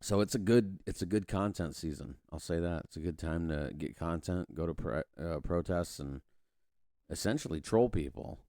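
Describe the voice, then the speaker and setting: Deep, dark-voiced man rambling casually. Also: normal speed, no room sound, clean studio sound. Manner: rambling, conversational, frequent restarts; swears casually. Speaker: podcast host. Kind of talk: casual political monologue.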